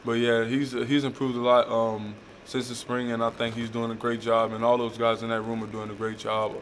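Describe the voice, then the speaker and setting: A young adult college football player answers reporters' questions at a press conference, halting and flat, with many "uh" fillers. His voice is medium in pitch, and the recording carries a little hiss or hum.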